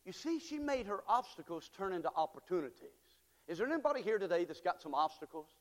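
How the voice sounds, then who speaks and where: A man preaching a sermon as pastor, moving between quiet asides and shouted, fervent appeals. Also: sits high, sing-song, fast. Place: church sanctuary. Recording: long church hall reverb.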